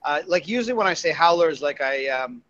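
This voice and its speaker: A man co-hosts a beer chat with crude, teasing jokes, his voice a little high. His audio sounds muffled and dull, a touch lo-fi. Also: animated, a little fast, a bit bright. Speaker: beer podcast co-host. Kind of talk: casual chat.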